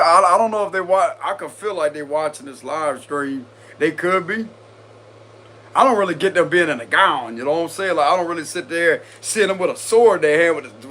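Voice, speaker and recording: A man with a somewhat high voice hosts a casual tarot live stream, addressing his viewers in loose slang. He keeps breaking into giggles between card pulls. A faint air-conditioning hum sits behind his voice. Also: pushed and bright. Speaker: tarot reader.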